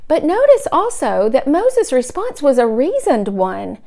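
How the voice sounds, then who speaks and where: A woman's voice: high voice, a little slow, vocal fry. Earnest woman teaching a Bible lesson. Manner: earnest, explanatory, steady teaching tone.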